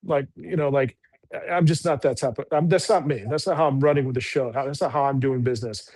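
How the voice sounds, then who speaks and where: A man's voice: mid-range voice, quick pace, a little mellow. A man, a military veteran guest, telling stories in a casual interview, earnest and rambling with many fillers and restarts.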